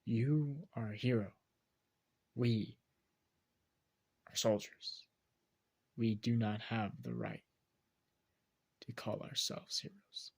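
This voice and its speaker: Earnest young ninja guy, halting delivery, gravelly, husky, a man reading him. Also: on the low side, big pitch swings, full character voice.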